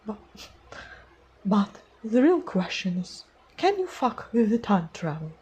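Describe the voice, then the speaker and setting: A woman doing a villainous tyrant queen, pushed up into a strained, lofty high voice and spoken slowly. Haughty and cold, in the manner of an animated fairy-tale villain. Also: slightly rough, muffled recording, heavily acted. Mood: imperious. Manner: forced high-pitched voice.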